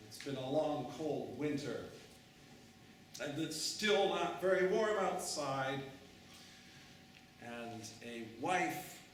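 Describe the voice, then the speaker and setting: A man's voice: medium pitch, a bit bright, slight background noise. A man preaching a sermon through dramatic storytelling. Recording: echoey room, mic far off.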